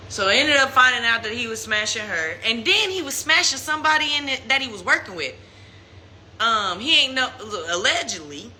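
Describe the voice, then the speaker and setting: A young woman tells a personal story in casual live-stream talk, acting out quotes in a mocking high voice. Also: pushed and bright, slight background noise. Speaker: Instagram live host. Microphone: phone.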